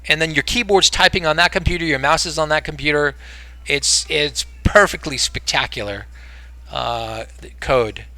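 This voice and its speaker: A man's voice: on the high side, moderate pace, dry recording. A man with an American accent chatting casually while streaming a game, rambling and then breaking into exasperated outbursts. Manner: rambling, swings between mumbling and loud exasperated outbursts.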